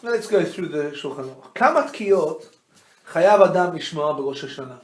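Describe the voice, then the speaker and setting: A man, a rabbi, teaching a Torah class as an animated storyteller who quizzes his listeners and mixes Hebrew terms into his teaching. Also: on the high side, normal speed. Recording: roomy echo.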